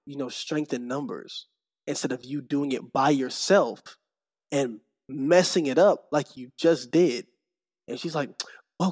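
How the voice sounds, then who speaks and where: A young man telling a story in casual chat, acting out the people in it with lively quoted voices. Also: medium pitch. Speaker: podcast guest, streamer.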